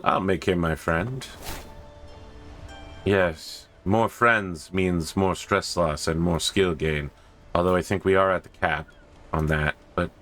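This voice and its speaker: Man, very low voice, casual game commentary, jokey asides, soft music underneath. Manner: joking, self-mocking asides. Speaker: gaming video host.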